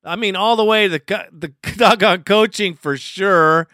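A man with a high, bright voice hosts a sports podcast and rants about a loss. The sound is crisp and dry, with no room around it. He talks casually, frustrated but still laughing now and then. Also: unhurried, no room sound. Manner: frustrated, ranting, with a laugh in his voice. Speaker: podcast host. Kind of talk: casual postgame commentary.

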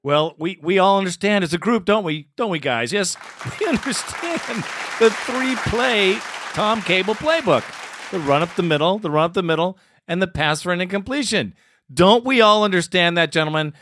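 A man's voice: sits high, normal speed, a crowd in the background, noisy background. A man hosting a fan podcast, swearing and laughing as he runs a mock group therapy session. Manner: profane, laughing, animated. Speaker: podcast host.

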